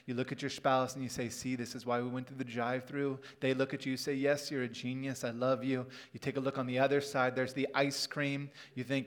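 A man's voice: medium pitch, steady tone, a little fast, fairly bright tone. Man, pastor, middle-aged, humorous conversational sermon, church auditorium. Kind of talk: sermon with storytelling.

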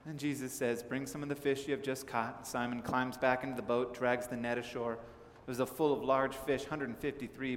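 A man from Southern California preaching a sermon in a relaxed, conversational storytelling manner. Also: medium pitch, a little hiss or hum. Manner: conversational storytelling, animated in anecdotes. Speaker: pastor. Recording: echoey hall with faint ambience.

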